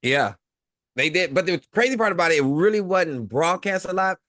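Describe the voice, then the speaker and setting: A man's voice: high voice, animated, normal speed, a bit bright, no echo, studio quality. A man co-hosting a casual online talk show, talking in a rambling way with lots of fillers and chuckles. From Midwest United States. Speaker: co-host. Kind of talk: casual livestream chat.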